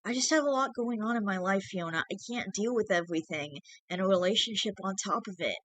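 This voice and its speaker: A reader voicing a sick young man who quietly apologizes while breaking up with his girlfriend. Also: mid-range voice, brisk, no room sound, natural voice. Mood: guilty, strained. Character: sick, guilt-ridden young man ending a relationship.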